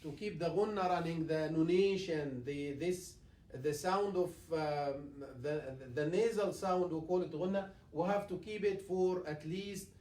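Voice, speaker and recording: Teaching Quran recitation in a mosque classroom, this male imam has a high yet darkish-toned voice. The tajweed lesson comes out haltingly, packed with fillers, repetitions and recited examples, and the distant mic plus echoey room make him sound far away.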